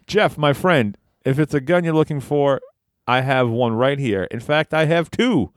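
Give me a gruff, friendly street dealer, as a man puts him on while reading. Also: medium pitch, normal speed, dry recording, studio quality, voice pushed up, close to an everyday voice. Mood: boastful.

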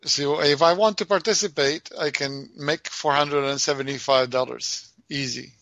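A man co-hosting a casual podcast chat, halting and repeating words, asking wry questions. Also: a little high, fairly even intonation, fairly bright tone, no echo. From Minnesota, United States. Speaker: podcast co-host.

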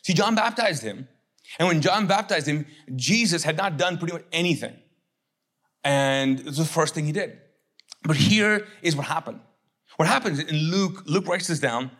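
A middle-aged man preaching a sermon as pastor, conversational and joking, acting out quick voices of others. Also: on the high side, animated, a bit bright.

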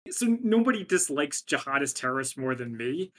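A man's voice: medium pitch, very animated, normal speed, fairly bright tone. A man co-hosting a podcast, chatting casually about a film and reading facts and quotes aloud. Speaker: podcast co-host. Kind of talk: casual chat.

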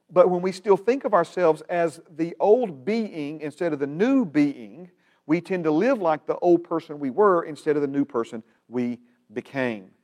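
A man from Alabama with a Southern American accent, teaching a Bible class in a folksy, casual way and repeating key phrases slowly for emphasis. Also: on the high side, a little mellow. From Alabama, United States.

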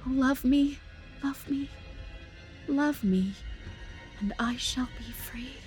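A woman voicing a gentle male ghost who begs earnestly for love, in a slow, beseeching way. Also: mid-range voice, steady tone, soft background music, close to an everyday voice. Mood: pleading.

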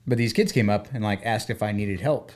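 A man's voice: on the low side, fairly quick. A man from the United States co-hosting a casual podcast chat, telling stories and joking. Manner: joking, storytelling. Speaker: podcast co-host.

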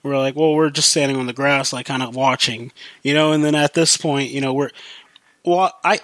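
A man's voice: medium pitch, fairly even intonation, moderate pace, fairly bright tone, dry recording. Rambling young man telling a story. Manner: rambling, heavy use of fillers like "like" and "you know". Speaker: podcast host. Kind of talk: casual storytelling monologue.

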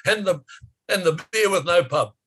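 A man with an Australian accent co-hosting a podcast over a video call, stumbling over repeated words and cracking deadpan jokes. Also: high voice, moderate pace, slightly rough. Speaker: podcast co-host. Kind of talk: casual podcast banter.

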